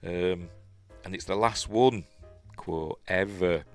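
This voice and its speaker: A man's voice: deep voice, takes it slowly, soft background music. A man with a Yorkshire accent, hosting a casual solo review, rambling and chuckling, often trailing off into a mumble. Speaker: show host and reviewer.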